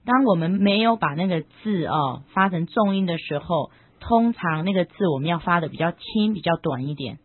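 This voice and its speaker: Female co-host, chatty explainer with drawn-out phrase endings; husky tone, tinny lo-fi recording. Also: fairly low pitch, animated, no room sound. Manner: chatty, drawn-out sentence-final particles. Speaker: co-host translating the lesson. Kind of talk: explanatory lesson talk. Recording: tinny narrow-band radio sound.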